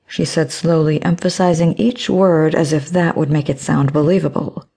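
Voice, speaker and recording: Casting: woman audiobook narrator, measured and even, low pitch, mellow dark tone. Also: vocal fry, breathy edge.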